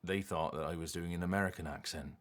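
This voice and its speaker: Deep-voiced man rambling on stream. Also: fast talker. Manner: rambling, animated, thinks aloud. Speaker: streamer and voice actor. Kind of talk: casual gaming stream chat.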